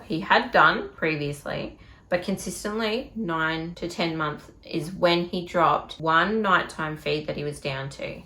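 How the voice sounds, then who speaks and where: A woman's voice: fairly low pitch, fairly bright tone. An Australian woman giving parenting tips in a casual advice vlog, talking in a direct, emphatic, chatty way. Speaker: parenting vlogger. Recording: echoey room.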